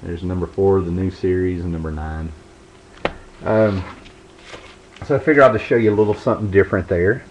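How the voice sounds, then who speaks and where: Deep-voiced guy rambling about his comics, lots of ums and uhs, kinda muffled lo-fi audio. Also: steady tone, a little fast, long pauses. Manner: rambling, laid-back, lots of fillers and restarts. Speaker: comic book video host. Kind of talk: casual show-and-tell review. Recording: dull lo-fi home recording with faint background hiss.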